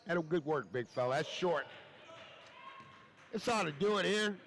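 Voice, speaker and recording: High-voiced chatty basketball commentator. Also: male voice, animated, unhurried, fairly bright tone, slight background noise. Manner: folksy, chatty, repeats phrases. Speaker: play-by-play commentator.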